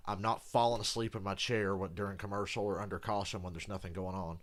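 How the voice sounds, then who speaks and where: A man with a lowish voice chats casually over a live race stream. He rambles in a loose, relaxed way, curses freely and keeps clearing his throat. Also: fairly quick, hardly any pauses, a little hiss or hum. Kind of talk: casual live reaction chat.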